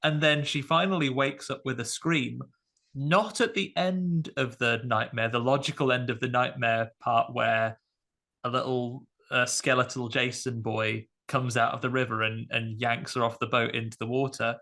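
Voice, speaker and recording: Male podcast host, tense bright tone, wry casual chat. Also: mid-range voice, fairly even intonation, moderate pace. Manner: chatty, wry, many fillers.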